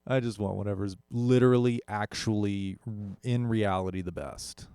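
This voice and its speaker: A man's voice: fairly low pitch, fairly even intonation, moderate pace, dark tone, clear, resonant tone, dry recording, studio quality. A young man, a musician, casually talking through an audio gear comparison, rambling and correcting himself as he goes. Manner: rambling, self-correcting, with frequent fillers. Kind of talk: casual tech demo talk.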